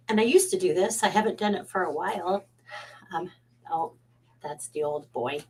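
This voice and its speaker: A woman's voice: fairly low pitch, breathy edge, rough recording. A woman psychic at home, chatting casually on a live stream in a rambling way and greeting viewers by name.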